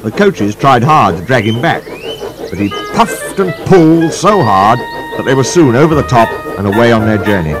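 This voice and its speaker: A male storyteller reads a children's tale with a lively, animated voice. His tone rises and falls freely. Music plays under the narration. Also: medium pitch, moderate pace.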